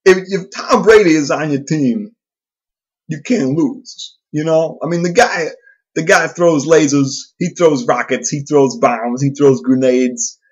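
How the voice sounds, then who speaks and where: Guy putting on a pushy loudmouth buddy voice, higher and louder, hypes sports, dull lo-fi sound. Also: expressive, moderate pace. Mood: worked up. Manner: boastful, gets worked up, repeats for emphasis. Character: brash loudmouth male sports-fan buddy.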